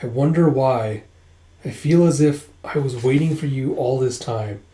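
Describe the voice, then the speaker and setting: A quiet, gentle young man from a comic book, long lonely, voiced by a man reading aloud. He speaks softly and slightly lower, with a warm, mellow tone. A roomy echo hangs around the voice. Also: a little slow, natural voice. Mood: wistful. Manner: soft, subdued, hushed delivery.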